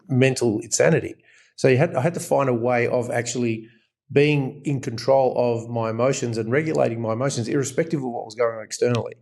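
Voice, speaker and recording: A man's voice: medium pitch, gravelly, darkish tone. A middle-aged man co-hosting a podcast, sharing life lessons in a reflective, casual way. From Australia. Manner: reflective, shares advice in long flowing thoughts. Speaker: podcast co-host. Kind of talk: casual chat.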